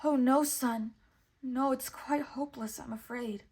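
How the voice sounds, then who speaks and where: A woman reading a storybook aloud, voicing a kindly, worried old male woodcarver with gentle, fretful speech. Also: high-pitched, steady tone, a little slow, breathy edge.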